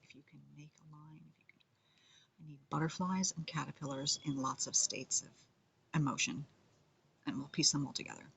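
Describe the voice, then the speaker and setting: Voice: medium pitch, steady tone, brisk, gravelly, sharp tone, a little hiss or hum. A comedian and musician in a rambling casual monologue, playful and self-mocking, often drifting into whispers.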